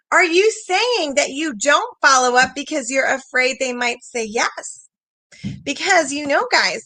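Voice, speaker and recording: A woman sales coach hosting a livestream, coaching with lively energy, reading viewer comments aloud and acting out little quoted voices. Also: sits high, no room sound.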